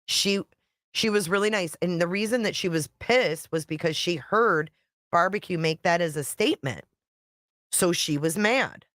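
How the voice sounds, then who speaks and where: A woman's voice: lowish voice, fairly bright tone, no room sound, clean studio sound. A woman YouTube creator talking casually on a live stream, chatty and blunt, reading viewer comments and swearing now and then.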